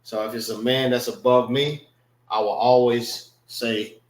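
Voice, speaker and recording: A man's voice: medium pitch, flat delivery, roomy sound. A man teaching a casual vocabulary class, repeating words and checking in with his listeners. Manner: slow, repetitive, checks in with listeners.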